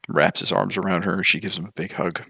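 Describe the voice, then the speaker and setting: A man narrating as game master in a tabletop game, animated with fillers. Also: deep voice, quick pace, creaky, husky, no room sound, clean studio sound. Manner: animated, many fillers and restarts.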